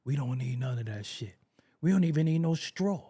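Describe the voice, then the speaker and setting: A man's voice: medium pitch, animated, fairly quick, mellow, slightly rough. A man hosting a hip-hop commentary show, ranting brashly with profanity and frequent laughter. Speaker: host.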